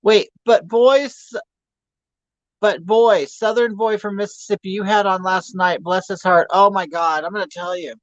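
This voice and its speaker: A man's voice: high voice, fairly even intonation, a little slow, no room sound. A man in his fifties chats through a livestream in a campy, gossipy manner, full of crude jokes and chatter. The audio is dry and close, with a dull lo-fi livestream sound. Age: 50s. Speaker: livestream host. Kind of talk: casual livestream chat reading viewer comments.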